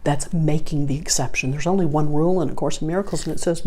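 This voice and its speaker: An older woman giving a spiritual talk, telling lively stories and slowing down to stress her points with earnest emphasis. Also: deep voice. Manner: animated storyteller who acts out dialogue, then slows to earnest emphasis. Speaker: spiritual teacher.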